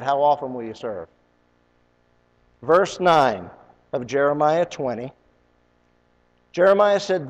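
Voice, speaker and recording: A man preaching a sermon as pastor, animated, acting out the voices of biblical figures and rising high when he gets excited. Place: church sanctuary. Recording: dull lo-fi sound with long hall reverb.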